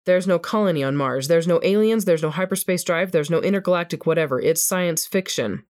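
A woman reading aloud as a patient but exasperated young man explaining things to his roommate, in her own low voice. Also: fairly quick, a little mellow, close to an everyday voice. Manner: plainly read, explaining.

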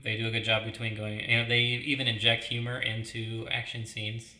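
Male podcast co-host, very bright tone, jokey, echoey room. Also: on the low side, completely flat delivery, brisk. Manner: joking, filler-heavy. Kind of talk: casual chat. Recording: roomy echo.

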